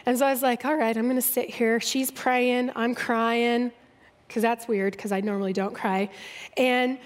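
A woman with a high, bright voice tells a story from her own life to a gathering. She pokes fun at herself, laughs easily and acts out both voices of each exchange. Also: measured pace. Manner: self-deprecating, lively, laughs often. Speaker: speaker sharing testimony. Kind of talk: humorous personal testimony.

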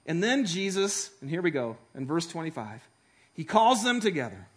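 Man, pastor, sermon, high voice, very lively pitch, animated storytelling. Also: normal speed, slightly rough. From Detroit. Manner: animated storytelling, shifting from hushed to loud.

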